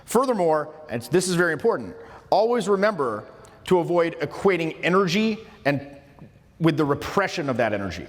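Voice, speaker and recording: A fairly high-voiced man teaches social skills in an easygoing lecture. He talks with informal emphasis and often restarts his sentences. His voice carries a long reverb tail from the room. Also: big pitch swings, fairly quick. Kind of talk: casual instructional lecture.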